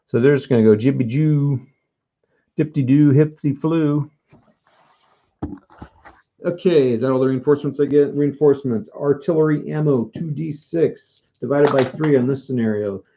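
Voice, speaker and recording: A man's voice: fairly high pitch, dark tone, highs cut off. A man streaming a board wargame live, joking, mocking himself and talking to his viewers. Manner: joking, self-mocking, talks to chat. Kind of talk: casual live-stream commentary.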